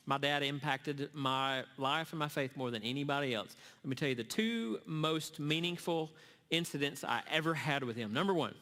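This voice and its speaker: A middle-aged man telling a personal story to parents at a church gathering, earnest and halting, often restarting his sentences. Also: mid-range voice, sharp tone. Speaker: speaker at a church summer series. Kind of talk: storytelling sermon talk. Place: church hall. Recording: long reverb of a large hall.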